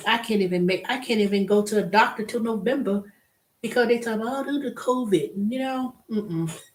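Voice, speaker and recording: A woman's voice: medium pitch, fairly quick. A woman hosting her own vlog, talking casually and bluntly with strong emphasis, moving from exasperation to delight. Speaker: vlog host. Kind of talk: casual solo rant.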